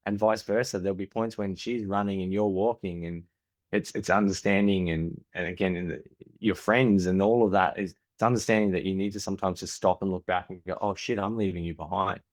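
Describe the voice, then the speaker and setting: A man in his forties with an Australian accent speaks in a low, deep register. As a podcast guest he tells candid stories, stumbling and restarting mid-sentence, and plays out his family's lines in conversation. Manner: frequent restarts, acts out family dialogue.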